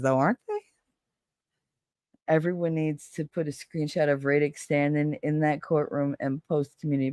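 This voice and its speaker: A woman with a lowish voice, recorded dry and close, chatting casually on a stream. She tells stories in an animated, foul-mouthed way, laughing often and acting out the people she quotes. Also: no echo. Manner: animated, swears freely, acts out quoted voices. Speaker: stream co-host. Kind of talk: casual storytelling chat.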